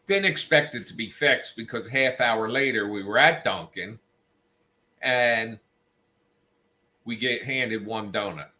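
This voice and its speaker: Man, profane ranting storyteller, bright tense voice, middle pitch. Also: takes it slowly, pauses often. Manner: profane, worked-up, quotes people in raised voices. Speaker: show host. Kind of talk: casual storytelling rant.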